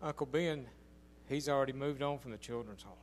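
An older man preaching a sermon, telling a folksy story with emphatic, drawn-out phrases. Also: mid-range voice, slight background noise.

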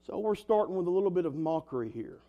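A man's voice: high voice, big pitch swings, quick pace, narrow, tinny audio. A young man preaching an earnest, emphatic sermon as a pastor, in a folksy way. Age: young adult.

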